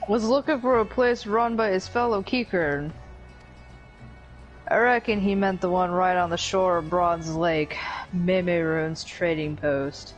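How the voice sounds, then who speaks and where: A woman's voice: lowish voice, steady tone, takes it slowly, muffled recording, faint music behind. A woman reading a male video game character's directions aloud in her own voice. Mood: deadpan.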